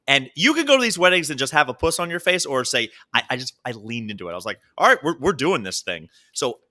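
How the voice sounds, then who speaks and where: A young man co-hosting a casual comedy podcast, telling stories in an animated way with quick laughs. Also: mid-range voice. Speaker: podcast co-host.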